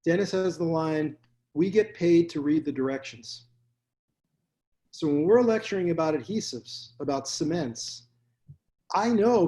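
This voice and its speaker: Male dentist guest, blunt and animated storyteller, slightly high pitch. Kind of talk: casual interview storytelling.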